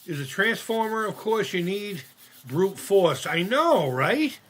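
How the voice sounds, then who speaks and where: Husky, animated man chatting while he builds. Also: high-pitched, measured pace. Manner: rambling, swears often, laughs at himself, thinks aloud. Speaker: streamer building a model kit. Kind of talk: casual live-stream chat while crafting.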